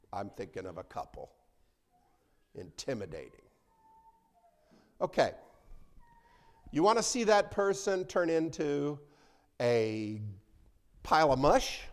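A man preaching a conversational sermon to a congregation in a church, swinging between loud emphasis and soft asides. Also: on the high side.

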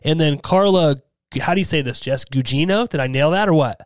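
Podcast host guy, kinda high voice, jokey and teasing, dry sound. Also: brisk, no echo. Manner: joking, teasing asides. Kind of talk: casual podcast chat.

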